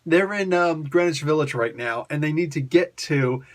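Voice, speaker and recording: A man reviewing a comic book in a casual, excitable way, often laughing as he recaps scenes. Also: on the high side, moderate pace.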